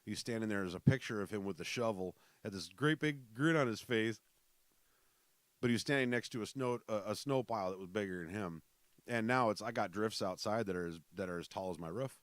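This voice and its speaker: A man's voice: on the low side, a little fast, no echo. A man from South Dakota hosting his own podcast, rambling in casual chat with many fillers and restarts. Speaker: podcast host.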